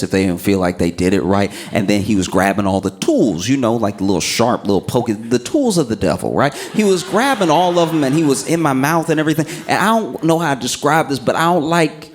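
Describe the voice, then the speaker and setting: A young man doing stand-up comedy, telling a story in an animated way and laughing as he goes. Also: mid-range voice, a little hiss or hum. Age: young adult. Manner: animated, laughing through his own story.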